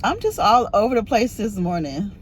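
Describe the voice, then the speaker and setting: A woman vlogging about books, talking straight to her viewers in a loose, chatty way. She tells stories with lots of animation and laughs at herself as she goes. Her pitch sits in an ordinary middle range for a woman. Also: moderate pace, a little hiss or hum. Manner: animated, laughing, self-mocking storytelling. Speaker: book vlogger. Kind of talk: casual storytelling to camera.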